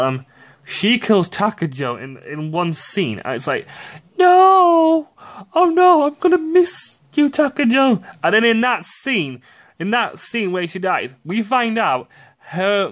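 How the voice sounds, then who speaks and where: High-voiced man ranting about games. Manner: excitable, swears often, sudden shouty outbursts. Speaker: gaming commentator. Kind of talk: profane ranting game commentary.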